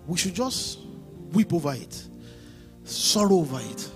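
A man preaching a sermon as pastor, swinging from hushed lines to shouted ones. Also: on the high side, very animated, a little slow, soft background music.

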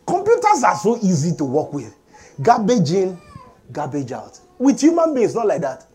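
A middle-aged man preaching a sermon as pastor, animated and calling for amens from the congregation. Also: high-pitched, moderate pace, husky. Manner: animated preaching with call-and-response.

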